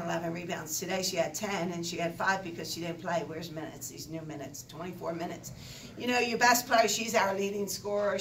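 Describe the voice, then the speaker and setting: An older woman, a basketball coach, talking in an animated, rambling way at a postgame press conference. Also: on the low side, a little hiss or hum. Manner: animated, talkative, rambling with restarts. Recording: echoey room, distant mic, faint ambience.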